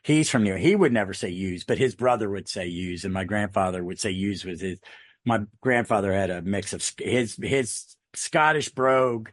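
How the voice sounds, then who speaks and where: A man's voice: fairly low pitch, lively intonation, a little fast, no room sound, studio quality. An American man chatting casually on a podcast, rambling through anecdotes and tangents. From United States. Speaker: podcast co-host.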